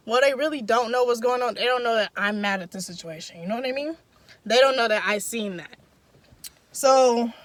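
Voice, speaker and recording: A woman's voice: on the high side, dry recording. Profane, emphatic young woman telling a story. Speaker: vlogger. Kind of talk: casual storytime.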